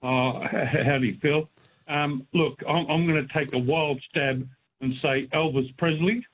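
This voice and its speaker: A man phoning a radio quiz. His voice sits a little high. He is playful and jokey with the host. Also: steady tone, unhurried, narrow, tinny audio, a little hiss or hum. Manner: joking, playful. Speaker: caller.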